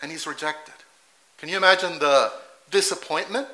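A male preacher giving a sermon in church, animated, asking rhetorical questions and acting out quotes. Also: fairly high pitch, normal speed, rough recording.

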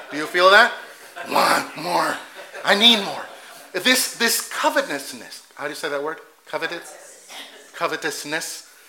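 A man's voice: high voice, bright, forceful tone, poor audio. A man preaching a sermon in a conversational way, laughing at his own asides and correcting himself as he goes.

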